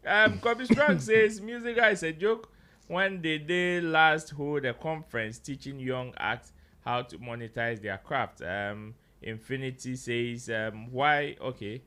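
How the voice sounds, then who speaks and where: A man's voice: medium pitch, a little slow, bright, forceful tone, smooth. A Ghanaian man hosting a casual panel chat, mixing English and Twi and reading out viewer comments. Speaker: show host.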